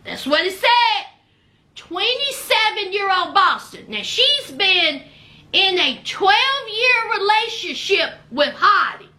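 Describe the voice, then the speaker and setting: A woman's voice: very high voice, big pitch swings, slow, pushed and bright. A woman giving a casual recap of a reality show, sassy and speaking straight to her viewers.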